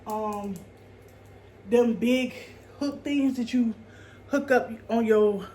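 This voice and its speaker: Casting note: young woman, easygoing home vlogger, breathy and casual, steady background noise. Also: on the high side, slow pace. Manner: chatty, talks to viewers as "y'all", curses casually. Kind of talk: casual chat to camera.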